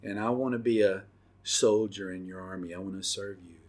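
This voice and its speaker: A middle-aged man hosting a podcast and telling his personal testimony, earnest and halting, with many pauses and fillers. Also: sits low, fairly even intonation, darkish tone. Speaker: podcast host.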